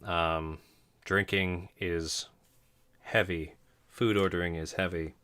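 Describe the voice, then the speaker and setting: A man's voice: low voice, steady tone, slow, a bit bright, clean tone. A man narrating a tabletop game as game master, rambling with frequent laughs and stumbles over words.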